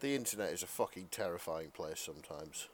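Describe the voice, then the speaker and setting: An English man co-hosting a casual podcast chat, wry and quick with a quip. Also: low voice, a little hiss or hum. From England. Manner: wry, animated. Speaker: podcast co-host.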